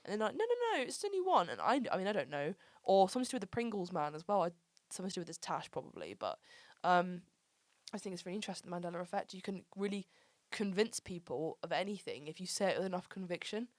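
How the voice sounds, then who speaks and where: A woman's voice: fairly low pitch, animated, fast talker, dry recording. A woman from England in her twenties, hosting a casual chat and telling stories, full of "like" and "um". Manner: chatty storyteller, lots of "like" and "um". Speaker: podcast host.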